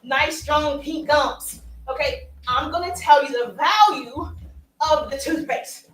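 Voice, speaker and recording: A woman's voice: sits high, measured pace. A woman coaching on social media marketing, talking playfully and with emphasis as she walks along. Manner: animated, playful and emphatic, with asides and laughs. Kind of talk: energetic coaching talk to camera. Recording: roomy sound, voice from a distance.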